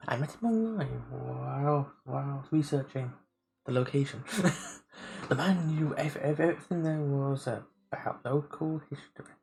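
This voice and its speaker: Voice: mid-range voice, measured pace, creaky, darkish tone, slight background noise, poor audio. A streamer on a live game play-through, reading the story text aloud and stopping to comment, often stumbling over and restarting words.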